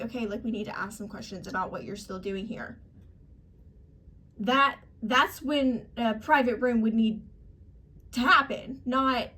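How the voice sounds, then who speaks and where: Speaking on the high side with a fairly bright tone, a young woman vlogger rants through a casual storytime for the camera. She sounds exasperated and emphatic, performing the people she quotes in acted voices.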